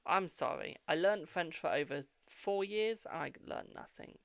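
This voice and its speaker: British tarot streamer, gravelly, talkative and cheeky, swears, calls everyone darling. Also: medium pitch, normal speed, no echo, clean studio sound. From United Kingdom. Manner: chatty, swears freely, calls viewers "my darling". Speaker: tarot reader hosting a live stream. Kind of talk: casual live-stream card reading.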